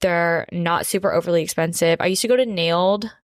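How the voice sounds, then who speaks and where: A young woman talks casually and eagerly, with plenty of "like" between her recommendations. Her voice sits on the low side for a woman. The sound is dry and close, from a podcast mic. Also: fairly quick, smooth, dry recording. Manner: chatty, enthusiastic recommendations with frequent "like". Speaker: podcast guest. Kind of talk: casual chat.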